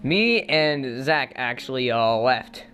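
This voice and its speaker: A man's voice: medium pitch, expressive, takes it slowly, sharp tone, faint music behind. A teenage boy in casual conversation, chiming in to fill in and correct the details of a shared story. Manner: chatty, interjects and corrects details.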